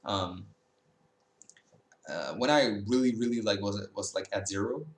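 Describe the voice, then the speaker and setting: A man's voice: on the low side, measured pace, echoey room. A young man giving blunt, rambling advice on learning a language in a casual vlog, full of fillers and restarts, swearing and laughing at times.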